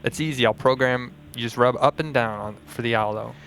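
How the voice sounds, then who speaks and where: A man co-hosting a comic call-in show in a playful, mock-earnest voice. He sits at an average male pitch and plays every line straight for the joke. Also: a little fast, over music. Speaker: co-host.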